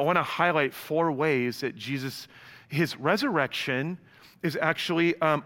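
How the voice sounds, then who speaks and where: A male pastor preaching a sermon, with a bright, forceful tone that sits a bit high for a man. He tells stories with humor and casual asides. His voice rings out with a long reverb, as in a large hall.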